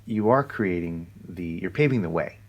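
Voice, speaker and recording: A man co-hosting a podcast, reflecting calmly and explaining his ideas in casual conversation. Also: low-pitched, normal speed, highs cut off. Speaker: podcast co-host.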